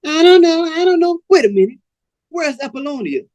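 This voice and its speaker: A man voicing a scared young woman, pleading in a high put-on voice. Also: sing-song, fairly quick, darkish tone, highs cut off.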